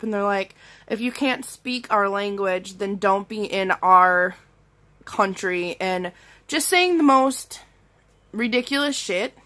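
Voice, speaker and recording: A woman vlogging from bed while sick with strep throat, telling an animated story full of "like" fillers and acted-out quotes. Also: mid-range voice. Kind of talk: casual storytime rant. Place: in bed at home.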